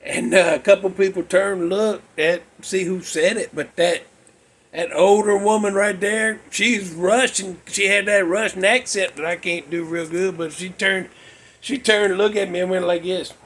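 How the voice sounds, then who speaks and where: A man's voice: high voice, steady tone, normal speed, fairly bright tone. A man, hosting a casual show from his garage, telling rambling folksy stories with frequent chuckles and restarts. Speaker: podcast host.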